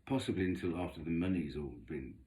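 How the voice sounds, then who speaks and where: A man's voice: low voice, fast, mellow. A man giving a chatty, gossipy vlog monologue while drawing tarot cards, with camp theatrical asides. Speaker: vlogger doing tarot readings. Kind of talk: casual rambling monologue.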